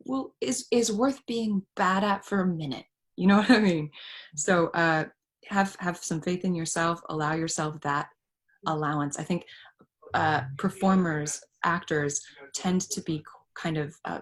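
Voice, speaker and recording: A woman on a live online panel who speaks in a gentle, reassuring way and often pauses to find her words. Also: on the low side.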